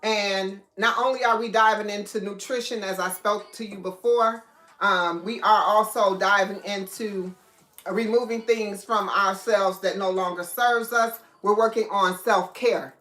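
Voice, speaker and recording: A woman's voice: medium pitch, fairly even intonation, unhurried, fairly bright tone. A woman hosting a casual live stream, chatting with viewers and greeting them by name. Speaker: livestream host. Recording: echoey room, faint music.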